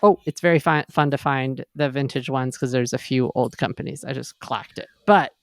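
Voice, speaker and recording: A woman's voice: very deep voice, normal speed, background noise. A woman co-hosting a podcast, chatting casually in a self-deprecating way. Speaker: podcast co-host. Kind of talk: casual chat.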